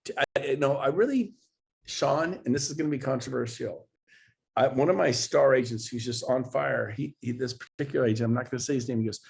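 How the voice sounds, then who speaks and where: Gravelly, husky man coaching with punch. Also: mid-range voice. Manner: emphatic, pushy, builds to exclaiming. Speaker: real estate coach. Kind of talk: motivational webinar talk. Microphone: video call.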